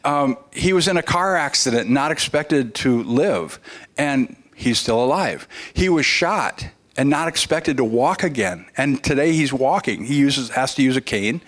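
A man's voice: mid-range voice, animated, a little slow, fairly bright tone. A man giving a sermon as a visiting preacher, telling a story in a conversational way with frequent restarts and fillers. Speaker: guest preacher.

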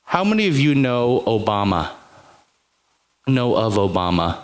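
A man's voice: on the low side, very animated, unhurried. A man preaching a sermon to a congregation, telling personal stories in a chatty way and often adding "right?" and "like". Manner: conversational, storytelling, frequent "like" and "right?". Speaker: pastor.

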